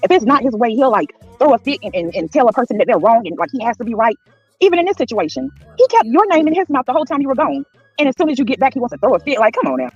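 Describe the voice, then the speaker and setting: A woman speaks fast and with lively swings of pitch as she talks casually on an online panel. Her voice is husky. The audio is dry and dull, like lo-fi stream sound, with faint music under it. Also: no room sound. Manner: fast, animated, full of fillers. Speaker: panel guest. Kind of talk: casual heated chat.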